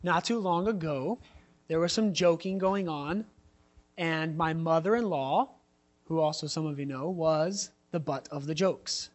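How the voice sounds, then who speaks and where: A man's voice: fairly high pitch, a little slow. A man in his thirties preaching a sermon in a conversational way, telling personal stories with frequent asides. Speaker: pastor.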